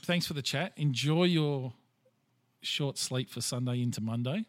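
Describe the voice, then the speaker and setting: A man with an Australian accent hosting a podcast, chatting in a relaxed and easygoing way with his guest. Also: mid-range voice, measured pace, no room sound. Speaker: podcast host. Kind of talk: casual interview chat.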